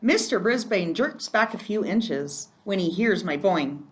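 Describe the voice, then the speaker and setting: A woman reading a first-person children's chapter book aloud in a gentle storytelling manner. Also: medium pitch, lively intonation, measured pace. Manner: gentle, storytelling, occasional slips. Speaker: reader.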